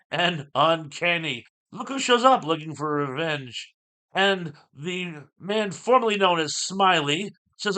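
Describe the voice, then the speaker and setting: A man's voice: on the high side, animated, slow, sharp tone. A middle-aged man hosting his show, recapping a comic in a rambling, casual way with lots of fillers. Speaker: show host.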